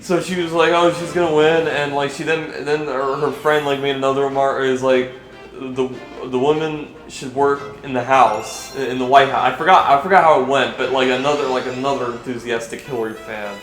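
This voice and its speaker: A man's voice: medium pitch, steady tone, normal speed, fairly bright tone. Rambling young man over game music. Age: young adult. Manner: hesitant, full of restarts and fillers, swearing when irritated. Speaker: gaming vlogger. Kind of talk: rambling commentary over gameplay. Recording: roomy echo with faint game music.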